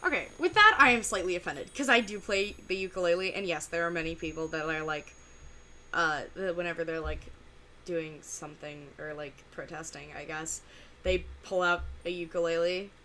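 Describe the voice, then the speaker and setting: A woman talks her way through a reaction video. She rambles, stops and restarts, and leans on fillers. Her voice sits slightly low but sounds very bright, with a faint hiss underneath. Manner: rambling, many fillers and pauses. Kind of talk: casual reaction commentary.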